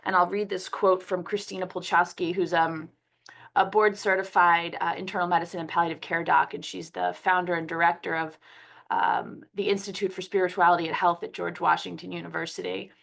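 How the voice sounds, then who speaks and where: Speaking through a computer microphone, this woman, a doctor from Philadelphia who has a cold, delivers a chatty webinar presentation. She talks briskly in a lowish, gravelly voice that's a bit bright, keeping her tone level.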